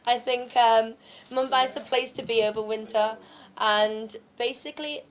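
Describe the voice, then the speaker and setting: A woman's voice: fairly high pitch, fairly even intonation, unhurried. A young woman from the UK, an actress answering press questions at a launch, a little unwell from travel, chatty with many fillers and frequent laughs. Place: press event.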